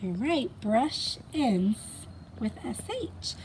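A woman's voice: a little high, big pitch swings, extremely slow, a little mellow, slight background noise. A young woman teaching a children's phonics lesson, encouraging, sounding out letters in a sing-song way.

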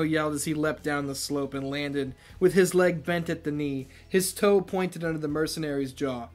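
A man's voice: on the high side, moderate pace, few pauses, soft background music. A man reading a novel aloud as host, breaking off for sarcastic asides. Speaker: reader and host.

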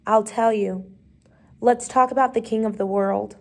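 A woman reading the part of a small, brisk, bossy male schoolteacher in a storybook, speaking crisply and dismissively. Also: fairly high pitch, fairly even intonation, a little mellow.

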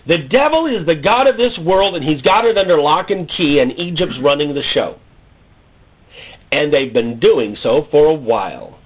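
A male pastor preaches with animated storytelling, and his pitch swings widely. His voice is husky and a bit high. The sound is thin and phone-like. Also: moderate pace. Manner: animated storytelling preacher, jokes and acts out scenes. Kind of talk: sermon.

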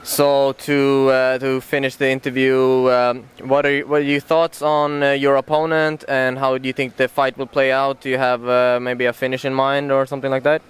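Male reporter, monotone, very clear voice, rambling stumbling questions. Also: mid-range voice, normal speed, few pauses. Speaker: interviewer, reporter. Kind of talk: interview questions.

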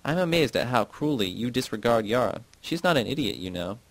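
A man reading as a calm, insistent woman. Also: mid-range voice, brisk, no room sound. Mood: firm.

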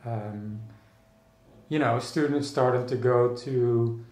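A Dutch man, an artist appearing as a guest in a casual interview, muses aloud in an echoey room. His medium-pitched voice is steady and a little mellow. He speaks thoughtfully but haltingly, with many restarts and fillers.

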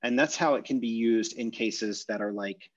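A man teaching an online language class, thinking aloud with many pauses and self-corrections. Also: mid-range voice, lo-fi sound. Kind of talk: explaining grammar in a live online class. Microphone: video call.

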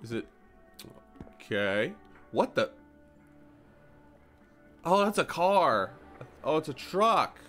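A man's voice: slow pace, long pauses. Guy chatting over a game, voice bouncing all over, faint music under it. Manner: animated, jumps to high exclamations, mock-polite shopkeeper lines. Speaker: gaming YouTuber. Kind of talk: casual gameplay commentary.

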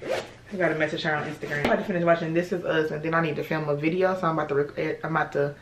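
A woman's voice: sits low, steady tone, racing, noisy background. A young woman chatting casually and bluntly in a vlog, swearing freely. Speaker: vlogger.

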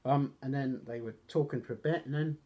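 A man talks loosely through a wrestling recap, circling back with fillers and poking fun at himself. His voice is husky and breathy, at a middling pitch, with occasional coughs. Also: fairly even intonation, fairly quick, a little mellow. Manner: rambling, self-deprecating, coughs often. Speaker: wrestling reviewer. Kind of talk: casual recap.

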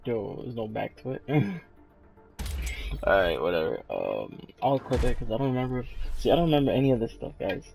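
A tired young man giving casual, low-key gameplay commentary into a headset mic, trailing off with fillers. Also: sing-song, a little fast, vocal fry, a little mellow, soft background music. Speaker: gaming YouTuber. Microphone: gaming headset mic.

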